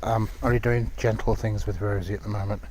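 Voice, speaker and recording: A man training sheepdogs outdoors and filming on his phone. He calls out loud, firm commands and praise to the dogs, then drops to a soft, low voice for asides to the camera. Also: little pitch movement, brisk. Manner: calls dog commands loudly, then talks softly to camera. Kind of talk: casual training vlog.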